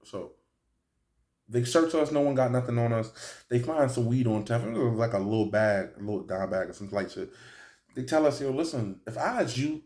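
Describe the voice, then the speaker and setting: A man's voice: medium pitch, moderate pace. A man telling a story in a casual, profane street style, acting out the people in it. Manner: animated, profane street storytelling with acted-out quotes.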